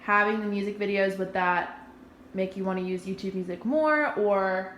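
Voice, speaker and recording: A woman's voice: medium pitch, normal speed, fairly bright tone, a little hiss or hum. A young woman leading a focus group, asking questions and rephrasing the answers back to the group. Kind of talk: casual moderated discussion. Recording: roomy classroom recording.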